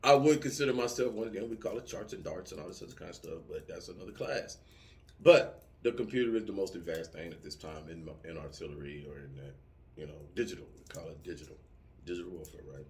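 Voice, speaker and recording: A middle-aged man talking casually, telling lively stories with profanity and acting out yelling soldiers. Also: deep voice, quick pace. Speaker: vlogger answering subscriber comments. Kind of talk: casual chat.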